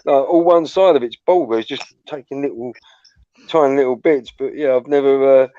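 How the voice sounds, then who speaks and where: A young man hosts a casual chat, telling school stories while swearing freely and laughing through them. His mid-range voice is fairly quick and mellow, and the recording is muffled and dry with no room sound.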